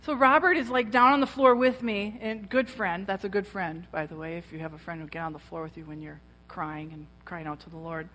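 A woman's voice: lowish voice, fairly even intonation, brisk, hardly any pauses, a bit bright, slight background noise. A woman preaching a personal testimony to a women's gathering, telling her story and acting out the voices of others. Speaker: speaker at a women's church gathering. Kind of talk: sermon testimony. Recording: long reverb of a large hall.

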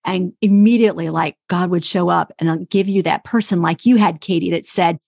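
A woman's voice: fairly low pitch, fairly quick, creaky, darkish tone, husky, dry recording, clean studio sound. A woman guest on a podcast, earnestly sharing a faith testimony with conviction. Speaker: guest, YouTuber. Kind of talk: faith-based testimony in interview.

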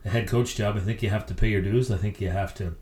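A middle-aged man, a hockey coach, telling stories as a guest in an interview with a lively, anecdotal delivery. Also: fairly low pitch, quick pace, roomy sound. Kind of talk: storytelling interview.

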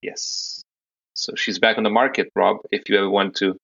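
A man's voice: on the low side, level tone, normal speed, creaky, a bit bright, slightly rough, no echo, muffled recording. A man co-hosting a podcast, teasing his partner playfully in casual banter.

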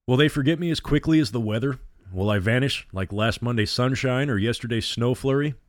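A man's voice: mid-range voice, brisk, no room sound, studio quality, voice pushed up, natural voice. A man reading the part of an anxious teenage girl who muses inwardly, in a storybook reading. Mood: musing.

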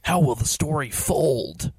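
A man's voice: mid-range voice, lively intonation, measured pace, a little mellow, breathy edge, no echo. Man mockingly reading bad fan fiction. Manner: mocking, exaggerated emphasis. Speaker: podcast host. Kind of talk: comedic dramatic reading.

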